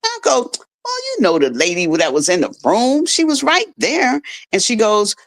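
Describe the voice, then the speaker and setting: Woman, middle-aged, earnest, lively pitch, radio guest telling a story. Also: normal speed, no room sound. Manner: earnest, emotional, restarts often. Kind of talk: personal storytelling. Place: radio studio.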